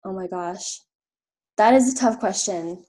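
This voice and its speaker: A woman's voice: medium pitch, measured pace, dark tone. A woman from Canada in her thirties telling a travel story in a chatty, casual way, full of fillers and little laughs. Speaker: guest.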